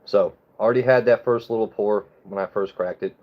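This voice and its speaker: Casting note: young male streamer, low voice, relaxed swearing chat, muffled lo-fi sound. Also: a little fast. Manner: loose, swearing, talks straight to chat. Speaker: live stream host. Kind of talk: casual live-stream chat and whiskey tasting.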